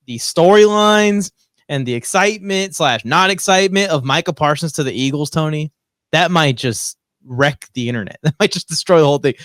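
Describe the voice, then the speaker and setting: A man's voice: a little high, a bit bright, no echo, studio quality. A man co-hosting a podcast, giving laid-back sports analysis in casual chat with a chuckle. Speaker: podcast co-host.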